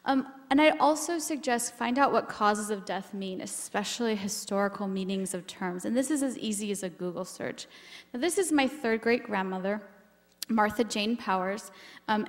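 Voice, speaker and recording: Woman, keynote speaker, earnest, emotional, filler-heavy, medium pitch, long hall reverb. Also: moderate pace. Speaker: keynote speaker on family history. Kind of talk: conference keynote talk.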